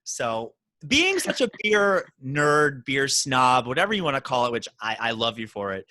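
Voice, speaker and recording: Lively, bright-voiced man hosting a chat. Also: medium pitch, normal speed, no echo. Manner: joking, storytelling, teasing. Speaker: podcast host. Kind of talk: casual chat.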